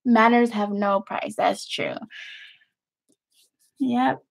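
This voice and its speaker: A woman's voice: a little high, very slow, gravelly, rough recording. A Texan woman from Texas, a craft vlogger chatting casually to her viewers in a rambling way and laughing often.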